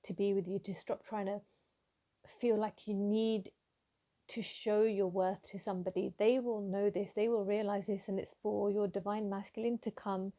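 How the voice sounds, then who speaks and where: A woman giving a gentle, affirming tarot reading to camera, with frequent ums and restarts. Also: medium pitch, normal speed. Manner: giggly and excited at times. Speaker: tarot reader.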